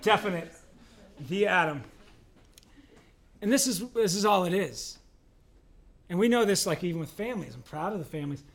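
A man's voice: high voice, animated, moderate pace, pauses often. A man preaching a sermon at church in a loose, conversational and joking way, acting out voices as he goes. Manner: conversational, humorous, acts out voices in quotes. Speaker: pastor.

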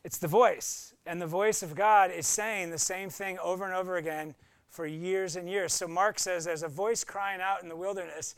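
A man's voice: sits high, steady tone, normal speed, clean tone, no room sound. A middle-aged man preaching a sermon in a playful way, acting out voices and quotes as he talks. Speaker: pastor.

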